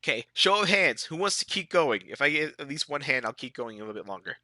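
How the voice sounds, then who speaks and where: A man's voice: mid-range voice, sing-song, quick pace, bright, forceful tone, no room sound, studio quality. A man with a stuffy, sick-sounding nose chatting casually with his viewers while streaming a game, laid-back and laughing often. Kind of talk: casual live-stream chat.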